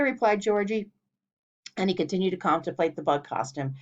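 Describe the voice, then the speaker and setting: A woman reading a children's storybook aloud in a clear, steady way. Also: fairly low pitch, fairly quick. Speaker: narrator. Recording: dull lo-fi recording.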